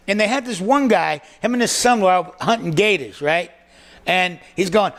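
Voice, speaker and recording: Man, high voice, animated, excitable, comedian telling stories, does impressions. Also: normal speed. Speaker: guest comedian. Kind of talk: stand-up storytelling.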